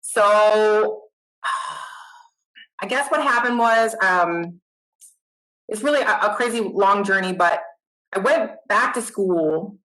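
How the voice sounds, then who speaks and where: A middle-aged woman, a nurse guest, chatting casually in an interview, animated and self-deprecating. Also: mid-range voice, takes it slowly, pauses often, rough recording.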